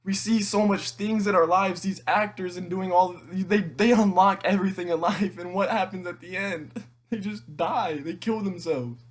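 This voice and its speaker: A teenage man in an emotional monologue to camera, tearful and halting, rambling with frequent restarts and swearing. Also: sits high, steady tone. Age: teens. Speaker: vlogger.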